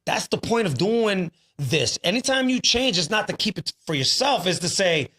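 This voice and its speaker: A man's voice: high-pitched, sing-song, normal speed, bright, forceful tone. A man on a podcast talking earnestly about changing habits, preachy, dropping in Spanish phrases. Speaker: podcast host. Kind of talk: casual podcast chat.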